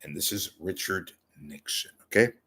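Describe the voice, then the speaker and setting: A man's voice: sits low, normal speed, bright, forceful tone, breathy edge. A man hosting a casual monologue show, rambling and self-deprecating. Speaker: host.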